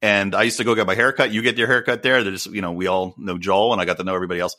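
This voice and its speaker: A man co-hosting a podcast, chatting casually in an animated, rambling way and laughing often. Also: fairly low pitch, racing, few pauses. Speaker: podcast co-host. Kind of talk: casual chat.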